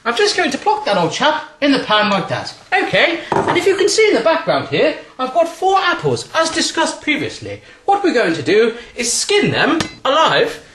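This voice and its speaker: Man doing jolly old-timey ancestor, mock posh english voice sliding australian, animated. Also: very high voice, moderate pace, few pauses, roomy sound, noisy background, exaggerated voice. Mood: jolly hammy. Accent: put-on English accent slipping into Australian. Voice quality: hammy and chipper, documentary-presenter manner. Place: home kitchen.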